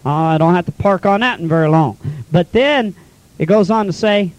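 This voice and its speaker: Folksy man, preacher, high voice, dry close sound, casual scripture retelling. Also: normal speed, no echo, low-quality recording. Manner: colloquial, paraphrases scripture in plain talk. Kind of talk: folksy sermon.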